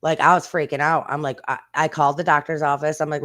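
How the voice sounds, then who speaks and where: A woman hosting her own stream, chatting casually in a blunt, rambling way with plenty of swearing and quick bursts of speech. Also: sits low, level tone, a bit bright. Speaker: streamer and channel host. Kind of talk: casual live-stream chat.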